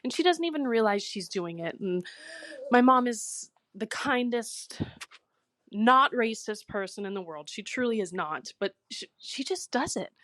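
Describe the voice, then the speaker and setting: A woman's voice: fairly high pitch, animated, a little slow, fairly bright tone, no echo. A young woman telling a cringe story in a chatty, exasperated way, as a recorded voice message to a podcast. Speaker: listener sending in a story.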